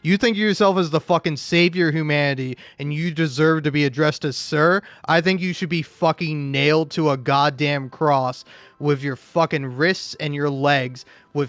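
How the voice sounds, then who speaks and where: A man's voice: fairly high pitch, a bit bright, dry recording. A drunk man rambling profanely in casual gaming commentary, full of restarts and fillers. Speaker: gaming YouTuber.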